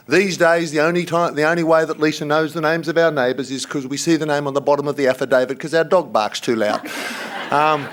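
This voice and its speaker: Rousing Australian man giving a speech. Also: a little high. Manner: rousing and jokey, getting loud with passion. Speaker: keynote speaker. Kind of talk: conference speech.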